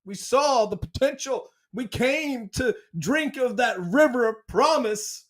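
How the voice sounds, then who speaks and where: Male fan podcast host, very high voice; dramatic, excitable, repeats himself. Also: a little slow.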